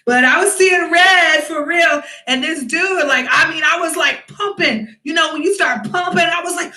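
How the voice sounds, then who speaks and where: A young woman vlogs in a high, bright voice, telling a story casually. She acts out quotes loudly and laughs often. The sound bounces around an echoey room. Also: moderate pace, hardly any pauses. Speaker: vlogger.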